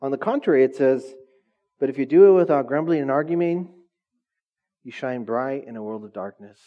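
A man preaching a conversational sermon, animated and chatty, often laughing and asking the congregation questions. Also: mid-range voice, moderate pace, highs cut off. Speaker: pastor.

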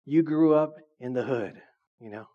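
A man preaching a sermon as a pastor, lively and joking, acting out voices from his stories. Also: mid-range voice, normal speed. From California. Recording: dull lo-fi sound.

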